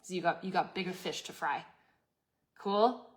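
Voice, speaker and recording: A woman's voice: on the low side, moderate pace. A woman in her thirties hosting a live community session, giving a casual motivational talk with candid chat and many restarts.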